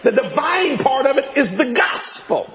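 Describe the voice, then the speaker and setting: An older man preaching a sermon, swinging between shouts and low folksy asides, with a gravelly voice. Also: sing-song, normal speed, long reverb tail, muffled recording.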